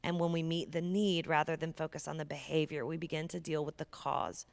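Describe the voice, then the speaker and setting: A woman with a somewhat low, gravelly voice gives an earnest parenting talk to a church audience. She speaks conversationally and drops to a near whisper to stress a point. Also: fairly even intonation, fairly quick. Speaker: guest speaker.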